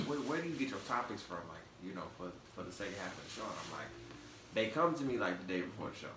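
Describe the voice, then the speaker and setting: On a live-streamed casual podcast, a male host with a mild Southern-Detroit accent (Southern-born, Michigan-raised) chats loosely in slang, often restarting his sentences. His voice sits low and sounds pushed and bright. The mic is distant and echoey, with a little background noise.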